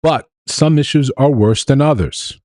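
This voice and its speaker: Reacting to viral clips on a live show, a male host talks a little slowly in a mid-range, slightly mellow voice. His manner is easygoing, full of chuckles and rhetorical questions, captured in echo-free studio quality.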